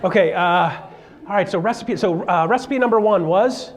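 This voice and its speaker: Animated high-voiced man coaching. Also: normal speed. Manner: joking, animated, acts out voices of clients. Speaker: real estate coach. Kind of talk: live seminar talk.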